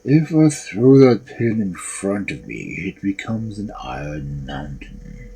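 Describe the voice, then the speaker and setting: A man voicing a huge, gruff, suspicious male ogre in a storybook reading. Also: low voice, very animated, takes it slowly, dark tone, a little hiss or hum, pitched below the performer's own voice, heavily acted.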